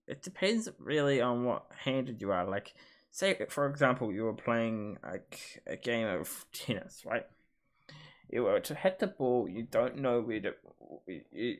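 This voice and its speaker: A man commentating casually as a gaming YouTuber, thinking aloud in a chatty, hesitant way. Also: mid-range voice. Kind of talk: casual commentary while playing a quiz.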